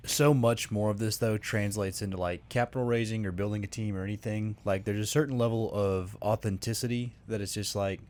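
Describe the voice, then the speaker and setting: Earnest low-voiced man, lots of "like". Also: fairly even intonation, brisk, few pauses, darkish tone. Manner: earnest, heavy use of "like". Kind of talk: casual conversation.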